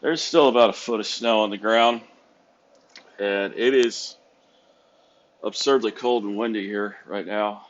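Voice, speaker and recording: A man's voice: on the low side, a little slow, long pauses, highs cut off. A tired man from the United States talking casually in a rambling, self-correcting, wry way from a hotel room. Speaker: vlogger. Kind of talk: casual vlog monologue.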